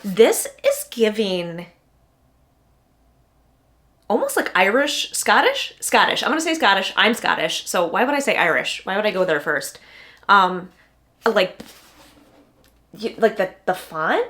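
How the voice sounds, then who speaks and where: A woman's voice: mid-range voice, very animated, a little slow, pauses often, a bit bright. A young adult woman booktuber in casual unboxing chat, gushing and chatty with lots of "like"s.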